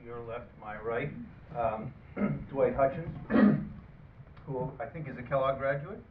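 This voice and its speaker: A man moderating a panel discussion, who introduces the guests and runs an audience poll in a halting way, with many fillers and dry asides. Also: medium pitch. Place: conference room. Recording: phone-like, roomy, distant, faint hiss.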